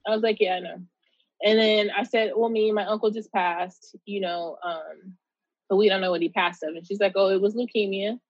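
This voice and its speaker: A woman guest tells a story in a candid, animated way and swears without holding back. Her voice sits in a middle register. The recording is dry and a bit muffled, like a lo-fi call. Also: medium pitch, moderate pace, no echo. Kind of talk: casual storytelling in an interview.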